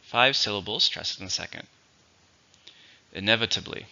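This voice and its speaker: Male English teacher, low and sharp-toned, dull lo-fi recording, measured explanations. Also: expressive, vocal fry. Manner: slow, deliberate explanations with repeated words. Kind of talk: vocabulary lesson.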